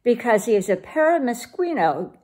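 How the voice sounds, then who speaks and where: A woman voicing a big, swaggering male chihuahua in a storybook read-aloud, loud and laid-back with a put-on Spanish accent. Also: fairly high pitch, big pitch swings, normal speed. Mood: urgent.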